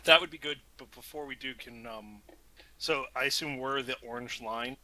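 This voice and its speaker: A man playing a tabletop game over voice chat, joking and halting, worn out late at night. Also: medium pitch, pushed and bright, poor audio. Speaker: player. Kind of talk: casual voice chat.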